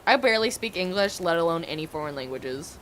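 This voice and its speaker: A woman's voice: fairly low pitch, lively intonation, fast, a little hiss or hum. A woman from the United States chatting casually while she livestreams a video game. She rambles, pokes fun at herself, and fills her sentences with "um" and "like". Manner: chatty, rambling, self-deprecating, many fillers. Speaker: gaming livestreamer. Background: game music.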